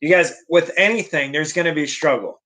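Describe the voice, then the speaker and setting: A man's voice: a little high, brisk, bright, forceful tone. A young man talking earnestly to camera in a casual motivational vlog, often repeating and restarting his phrases. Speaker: vlogger.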